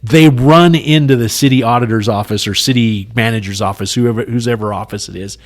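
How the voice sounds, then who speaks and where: A man chatting on a podcast, retelling a stressful day in a loose, animated way. He acts out what everyone said and fills the gaps with "you know" and "right?". His voice sits in a plain, middle pitch. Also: fairly quick. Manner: animated, retells scenes in quoted dialogue, many "you know" fillers. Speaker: podcast co-host. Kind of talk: casual storytelling chat.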